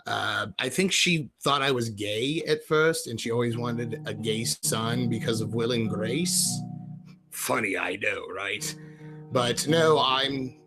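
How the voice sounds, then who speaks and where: A man hosting a casual livestream from home, speaking in an affected British-sounding accent that comes and goes as he rambles and answers viewers' chat messages. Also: medium pitch. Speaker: livestream host.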